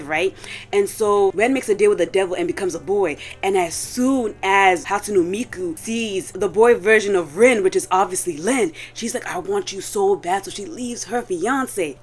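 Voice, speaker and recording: A young adult woman recapping a story in casual chat, animated and slangy, with lots of fillers. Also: mid-range voice. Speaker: video creator.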